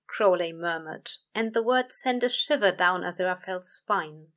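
A woman narrating a story aloud in a steady, measured way. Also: lowish voice. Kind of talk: reading fan fiction aloud.

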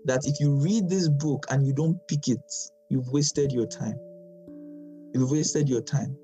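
A man leads a Bible study, stressing his points and saying key lines twice. His voice is mellow and relaxed, of middle pitch. Soft instrumental music plays faintly underneath. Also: measured pace, dull audio. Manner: emphatic, repeats phrases, light laughs.

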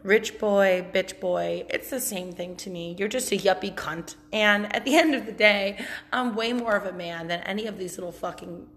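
A woman's voice: medium pitch, normal speed, fairly bright tone, slight background noise. A woman hosting a podcast, telling a story in a blunt, chatty, profane way and laughing often. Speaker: podcast host. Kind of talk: casual storytelling monologue.

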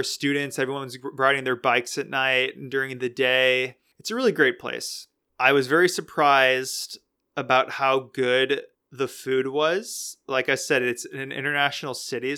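A young man hosting a casual solo podcast, talking in a relaxed, rambling way that often corrects itself. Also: medium pitch, clear, resonant tone. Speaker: podcast host.

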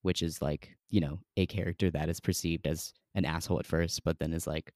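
A man's voice: low-pitched, normal speed, a little mellow, no room sound, clean studio sound. A young man hosting a podcast in a casual, rambling way, full of "um" and "like". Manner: chatty, rambling, many fillers. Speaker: podcast host.

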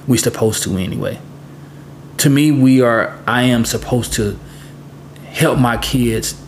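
A man's voice: mid-range voice, a little hiss or hum. Earnest middle-aged man hosting a podcast. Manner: earnest, reflective, repeats words while thinking. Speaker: podcast host. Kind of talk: solo podcast monologue.

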